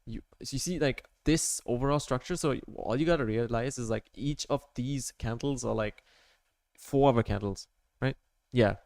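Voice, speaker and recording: At a moderate pace, an amateur trader rambles through his charts for viewers in a casual screen-share tutorial, using lots of "like," "okay?" and "right?" His medium-pitched voice is a little mellow, with no echo.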